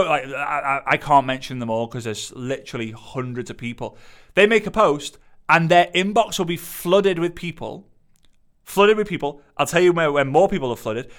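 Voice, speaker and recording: A man, coaching an audience in an energetic, emphatic way and repeating phrases for effect. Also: on the high side. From Liverpool, England. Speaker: business coach. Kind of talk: motivational teaching to camera.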